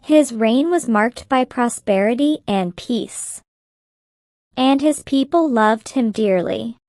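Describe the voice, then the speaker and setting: Slow, clear woman reading a story. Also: on the high side, a little mellow, dry recording, studio quality. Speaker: narrator. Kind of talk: slow graded-reader story narration.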